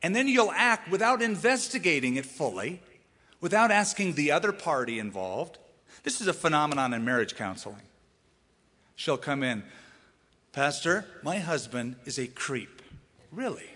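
Animated male pastor preaching in a hall. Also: a little high, moderate pace. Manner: animated, acts out quoted voices. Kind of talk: sermon. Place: church sanctuary.

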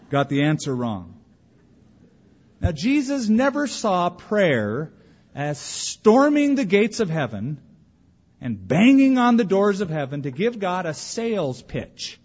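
A man's voice: sits high, big pitch swings, slow, darkish tone, slightly rough. A man preaching a sermon as a pastor, telling stories and acting out the voices he quotes. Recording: dull audio with long hall reverb.

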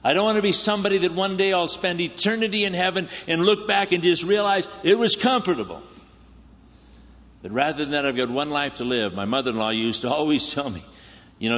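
High-voiced joking preacher in an echoey hall. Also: male voice, a little fast, fairly bright tone. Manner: joking, conversational, quizzes the congregation. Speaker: guest preacher. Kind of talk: sermon. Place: church sanctuary. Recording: echoey church hall, slightly dull sound.

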